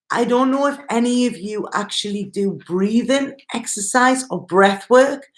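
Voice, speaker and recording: A woman giving a tarot reading to camera, talking straight to the viewer in a chatty, reassuring way and repeating herself. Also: medium pitch. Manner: addresses viewer directly. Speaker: tarot reader.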